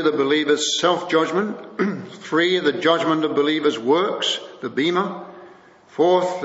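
A man delivering a sermon in a measured way, slowing down when he reads scripture aloud. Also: on the high side, fairly bright tone. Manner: measured, slows to read scripture. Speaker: preacher. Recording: muffled recording in a big echoing hall.

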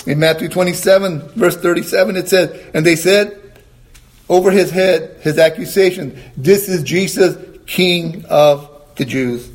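A man with a high voice preaches an emphatic sermon. He asks his listeners questions and answers them himself, and he reads scripture more slowly and lower. He often clears his throat between points. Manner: quotes scripture in a slower, lower voice.

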